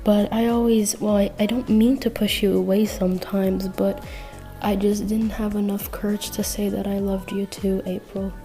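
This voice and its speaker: A woman's voice: mid-range voice, flat delivery, normal speed, warm tone, faint music behind, natural voice. A woman doing a stammering shy young sweetheart. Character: shy, nervous young sweetheart confessing love.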